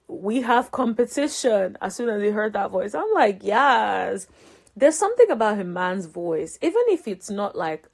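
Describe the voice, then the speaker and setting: A young woman casually recapping a dating show, chatty and animated, with her voice leaping up for her reactions. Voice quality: animated, jumps high in pitch for reactions. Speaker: reality show recap commentator. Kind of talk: casual chat.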